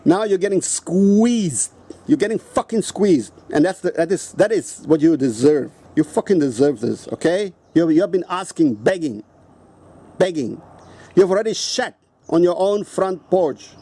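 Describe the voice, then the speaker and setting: A man's voice: sits high, animated, measured pace, warm tone, breathy edge. A man with a South African accent, ranting angrily and profanely into the camera, repeating himself and confronting the person he is addressing. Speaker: video host. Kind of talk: angry rant to camera.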